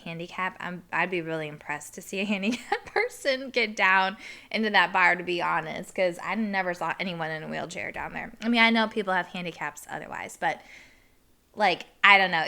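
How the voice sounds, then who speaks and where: A woman, hosting a podcast and telling a story in a casual, animated way, swearing and loudly acting out what people said. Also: fairly low pitch. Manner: animated, swearing, acts out quoted lines loudly. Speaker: podcast host.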